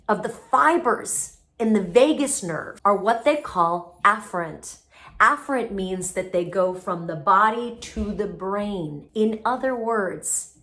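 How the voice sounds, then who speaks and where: A woman speaking coach giving lively, emphatic advice straight to camera, with playful asides. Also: medium pitch. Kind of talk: casual advice video to camera.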